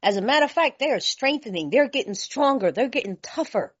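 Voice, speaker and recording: A woman from California shares her recovery story with a slightly high voice, laughing often and talking in a loose, colloquial way. The sound is a bit muffled and lo-fi. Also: lively intonation, brisk, slightly rough. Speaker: recovery meeting speaker.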